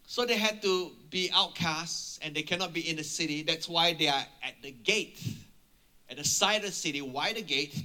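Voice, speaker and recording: Guy preaching a sermon, kinda high and super bright sharp voice, animated storyteller. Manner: animated storyteller, checks in with "okay?". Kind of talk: sermon retelling a Bible story.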